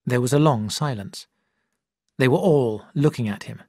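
A narrator reading a story slowly and clearly for English learners. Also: medium pitch, darkish tone, no room sound, studio quality.

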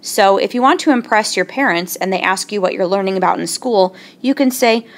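A woman teaching a lesson in a clear, patient way, slowing down to sound out syllables. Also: mid-range voice. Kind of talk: explaining a lesson.

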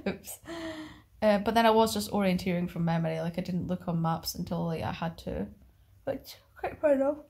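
A woman's voice: on the low side, lively intonation, moderate pace, a little mellow. A young woman from the UK, chatting casually in a vlog. She rambles and is self-mocking, with many filler words. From United Kingdom. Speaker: travel vlogger.

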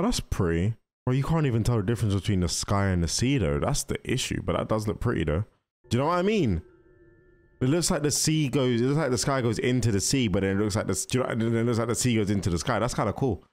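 A man hosting a casual movie reaction, chatty and excitable, talking straight to the characters on screen. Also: medium pitch, a little fast, soft background music. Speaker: reaction video host.

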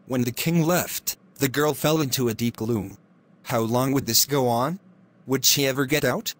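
A man narrating a classic fairy tale in a steady, clear reading voice. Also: mid-range voice, normal speed. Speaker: storyteller.

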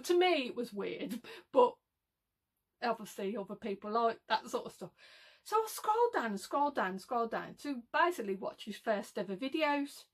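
High-voiced chatty Brummie woman vlogging. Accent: Birmingham (Brummie). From Birmingham, England. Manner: rambling, gossipy, laughs often, many "like, you know" asides. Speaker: reseller vlogger. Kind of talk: casual chatty monologue.

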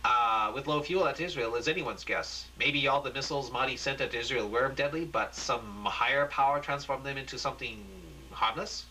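A man's voice: mid-range voice, normal speed, hardly any pauses, bright, forceful tone, far from the mic, a little hiss or hum, lightly acted, low-quality recording. A man voicing a frantic male TV field reporter in a war zone, breathless and panicky. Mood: wry.

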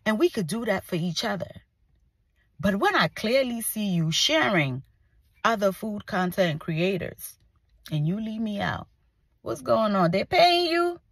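A woman's voice: mid-range voice, lively intonation, unhurried, husky, no echo. A young adult woman who makes food videos, talking to camera in a playful, teasing, chatty way. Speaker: food content creator. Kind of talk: direct-to-camera response vlog.

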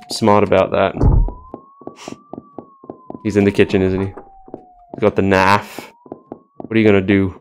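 A man's voice: fairly low pitch, a little mellow, a little hiss or hum. A man commentating a game he is playing, sarcastic and baffled, often laughing. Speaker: gaming YouTuber. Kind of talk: let's play commentary.

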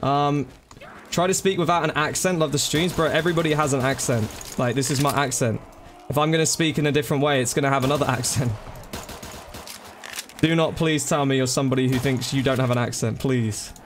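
A man's voice: mid-range voice, a little fast, a little hiss or hum. A man chatting casually to viewers during a live gaming stream, thanking them by name and calling them bro and dude.

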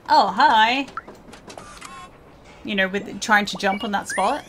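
A woman's voice: mid-range voice, slow pace, long pauses, fairly bright tone. Chatty woman gamer, noisy game audio. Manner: chatty to viewers, swears at game characters. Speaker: let's play gamer. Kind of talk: casual gameplay commentary.

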